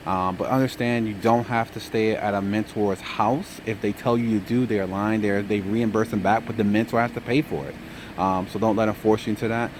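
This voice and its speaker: Young male vlogger, tired, low voice, relaxed storytelling, faint noise floor. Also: brisk. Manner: relaxed storytelling, says "man" a lot. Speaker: trucking vlogger. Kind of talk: casual vlog update.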